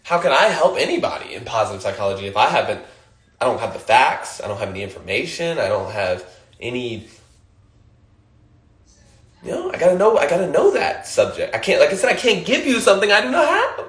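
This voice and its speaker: A man's voice: on the high side, sing-song, brisk, fairly bright tone, echoey room. A man hosting an Instagram Live, giving a casual motivational monologue, emphatic and swearing casually, often laughing and repeating his points.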